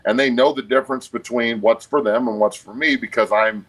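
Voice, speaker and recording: A man's voice: medium pitch, fairly even intonation, a little fast, fairly bright tone, poor audio. A man in his forties, a guest on a podcast, talking bluntly and emphatically with a lot of swearing. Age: 40s. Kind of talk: casual podcast conversation.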